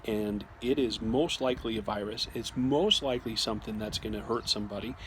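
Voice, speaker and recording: A man's voice: lowish voice, a little fast. A man telling a personal story in a casual, conversational way, often restarting his sentences and acting out what was said to him. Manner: conversational, with frequent restarts and quoted dialogue. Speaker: storyteller sharing a personal experience. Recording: loud background noise.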